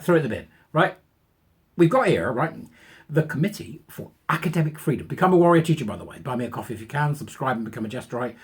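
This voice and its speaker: Husky, sarcastic British man ranting. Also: mid-range voice. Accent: British English. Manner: sarcastic, mocking, ranting with asides. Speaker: channel host. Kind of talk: opinionated commentary monologue.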